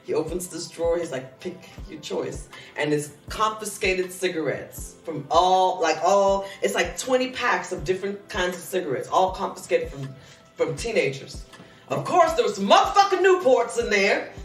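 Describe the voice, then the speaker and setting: A young woman telling a story in casual chat, animated and profane, acting out both sides of the dialogue. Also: on the low side, normal speed, far from the mic. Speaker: podcast host. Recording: echoey room from off-mic, faint music.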